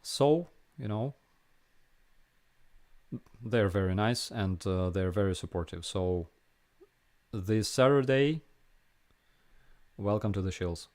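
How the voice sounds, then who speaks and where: Man, Ukrainian accent, young adult, live stream Q&A host, low voice, very slow, halting with fillers. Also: darkish tone. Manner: halting, many fillers and restarts, reads chat aloud. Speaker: live stream host answering viewer questions. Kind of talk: casual live Q&A chat.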